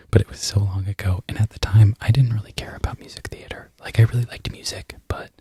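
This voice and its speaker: A man in a whispered ASMR ramble who loses his train of thought and laughs softly at himself. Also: lowish voice, fairly even intonation, a little fast, breathy edge, no echo. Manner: mostly unvoiced whisper. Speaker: crochet content creator.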